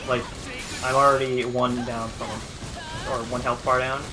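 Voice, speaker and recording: A man's voice: mid-range voice, little pitch movement, normal speed, music in the background, rough recording. A young man chatting casually over a video game, giving brief, profane replies. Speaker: gaming podcast co-host. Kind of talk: casual gameplay chat.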